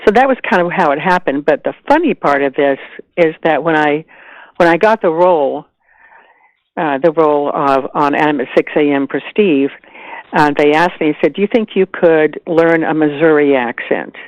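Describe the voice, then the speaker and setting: Older woman, from the american south, actress guest, animated talk, dry recording. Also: low voice, moderate pace, no room sound, dull audio. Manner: animated, chatty, laughs easily, many restarts. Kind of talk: casual interview chat.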